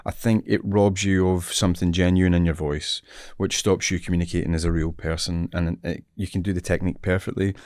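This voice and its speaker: A middle-aged Scottish man telling stories in casual chat, animated, acting out other people's voices and laughing often. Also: low-pitched, fairly quick, hardly any pauses, smooth, no echo, clean studio sound. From Scotland. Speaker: actor guest.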